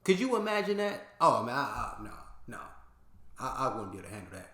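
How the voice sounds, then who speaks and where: A man's voice: medium pitch, sing-song, fast talker, a bit bright. A man hosting a reaction video in casual chat, slangy and repeating his points for emphasis. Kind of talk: casual commentary. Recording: roomy echo.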